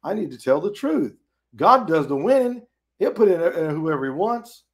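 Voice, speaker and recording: A man's voice: on the high side, big pitch swings, normal speed. A man teaching a Bible study in a folksy, preachy way, acting out quoted dialogue.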